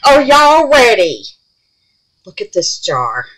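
A woman chatting through a crafting vlog, gushing and excitable, calling her viewers babies and y'all, dropping from squeals to hushed murmurs. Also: fairly high pitch, slow pace, poor audio. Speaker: resin crafter, channel host.

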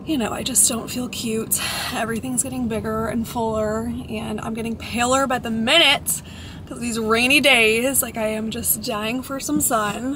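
Chatty young woman vlogging over road noise. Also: fairly high pitch. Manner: chatty, frequent "like", laughing at herself. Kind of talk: casual vlog chat. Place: car while driving. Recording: road noise from a moving car.

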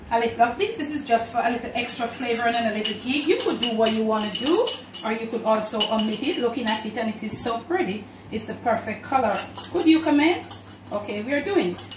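A woman with a Jamaican accent and a fairly high voice cooks in her home kitchen, chatting with viewers like family as she demonstrates a recipe. The distant mic makes the kitchen sound echoey, and noise from dishes and pans clattering fills the background.

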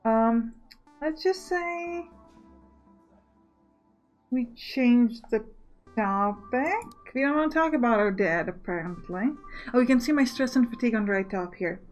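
A woman with a fairly high voice reads a narrative game's text and breaks off for chatty asides. Quiet game music plays under her voice. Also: expressive, unhurried, pauses often, dull audio. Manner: chatty asides between reading. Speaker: let's play host. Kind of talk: game commentary and narration reading. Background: faint game music.

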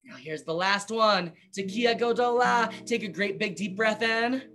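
A woman's voice: medium pitch, unhurried, fairly bright tone, soft background music. A woman leading a children's service, singing and chanting sounds for little kids to copy in a playful way. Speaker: song leader with guitar. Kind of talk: leading children in song and call-and-response.

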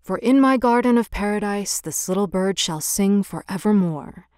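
Woman voicing God, solemn, slow, lowered, storybook reading. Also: animated, a little mellow, clean tone, no echo, clean studio sound. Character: solemn, gentle God speaking from heaven.

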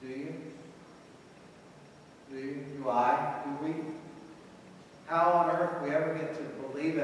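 Slow-preaching pastor in an echoey church. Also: male voice, fairly high pitch, flat delivery, recorded from a distance, slight background noise. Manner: slow, reflective preaching with long pauses. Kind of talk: sermon. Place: large church sanctuary. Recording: echoey church hall from afar.

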